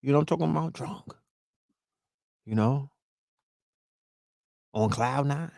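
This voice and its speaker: A man's voice: medium pitch, a little slow, creaky, darkish tone, no room sound. A man hosting a podcast, talking in a loose, profane monologue and often checking in with "you know what I mean?". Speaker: podcast host. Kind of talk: casual monologue.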